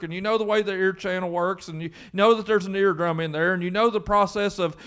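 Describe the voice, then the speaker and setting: High-voiced pastor preaching. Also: male voice, fairly bright tone. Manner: emphatic preaching, rhetorical questions. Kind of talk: sermon.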